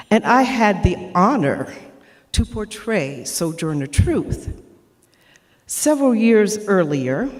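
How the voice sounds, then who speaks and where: A woman's voice: low-pitched, a little mellow, long reverb tail. A woman giving an earnest, heartfelt personal tribute at a memorial, speaking as a former actor and student. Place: performing arts center stage.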